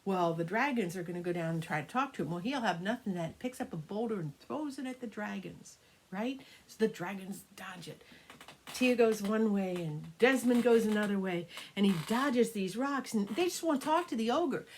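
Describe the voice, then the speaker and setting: An older woman, a grandmother, improvising a children's story, animated and sometimes dropping to hushed whispers. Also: mid-range voice, normal speed, slight background noise.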